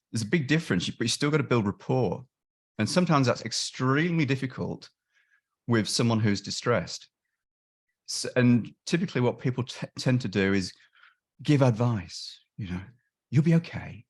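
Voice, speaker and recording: Animated man explaining on a call. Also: mid-range voice. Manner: animated, acts out callers and helpers in quick quoted voices; frequent restarts and self-corrections. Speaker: volunteer crisis line trainer. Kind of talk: webinar discussion. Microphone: video call.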